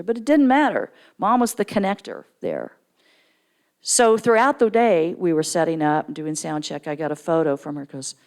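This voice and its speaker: A middle-aged woman tells a personal story from the pulpit of a church. Her voice sits a little low, and she keeps leaping up in pitch to act out what people said. The delivery is warm storytelling rather than formal preaching. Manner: animated storyteller, acts out quoted voices with big pitch jumps. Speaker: guest speaker at church. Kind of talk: storytelling sermon. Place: church sanctuary.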